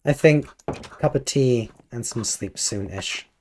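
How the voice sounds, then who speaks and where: A British man with a slightly hoarse voice, chatting casually and playfully with his live chat while gaming. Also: medium pitch, measured pace, darkish tone, a little hiss or hum. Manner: rambling, playful, chatty asides. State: a little hoarse. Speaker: livestreamer.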